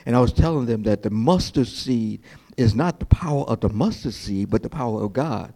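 A man preaching a sermon as pastor, jumping from slow, hushed quoted lines to high, lively preaching and often repeating his words. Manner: repeats words and restarts phrases.

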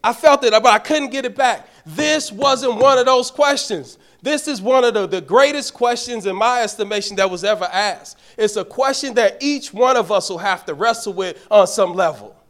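A man's voice: high voice, a bit bright. A middle-aged man, a deacon telling stories in a sermon and building to passionate peaks. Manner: bellows street-vendor calls in stories. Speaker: deacon preaching. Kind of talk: storytelling sermon.

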